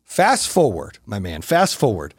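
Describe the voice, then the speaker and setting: Man in his forties, brash boastful storyteller, animated pitch, dry mic. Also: measured pace, breathy edge, dry recording. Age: 40s. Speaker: podcast guest. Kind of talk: casual podcast chat.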